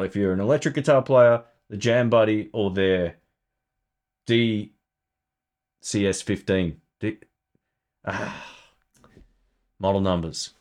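A man hosting a casual live stream about guitar gear, chatting loosely and thinking aloud. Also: lowish voice.

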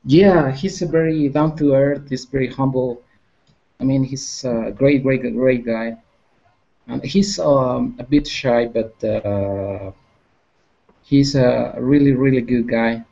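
A man speaks very slowly over a video call, his voice dark and gravelly. He hesitates often and fills gaps with "uh". The call audio is dull and lo-fi. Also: medium pitch, fairly even intonation. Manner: halting, hesitant, many fillers. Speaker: guest guitarist. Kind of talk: casual chat.

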